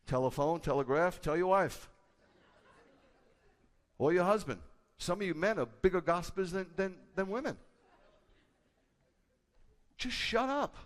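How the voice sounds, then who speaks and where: A man preaching a sermon whose voice swings widely, rising to emphatic bursts and dropping to low, confiding asides. His pitch sits a little high for a man. The sound carries the long reverb of a hall. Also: animated, unhurried, long pauses. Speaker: rabbi. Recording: echoey hall with a long tail.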